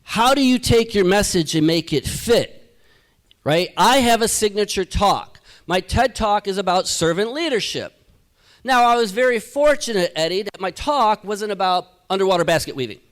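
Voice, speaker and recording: A man giving a live keynote to an audience as a motivational speaker, energetic and rhetorical, tagging his points with "right?". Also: high voice, normal speed. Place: event hall.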